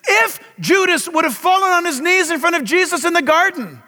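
A middle-aged male pastor preaching a sermon with impassioned, loud delivery and dramatic swings in a large church hall. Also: very high-pitched, expressive, fairly quick.

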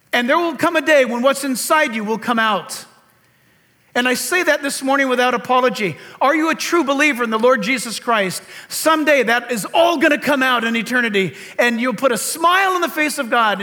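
An older man, a pastor, preaching a sermon with earnest rhetorical questions; his high, reedy voice has been compared to a cartoon frog. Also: bright, forceful tone.

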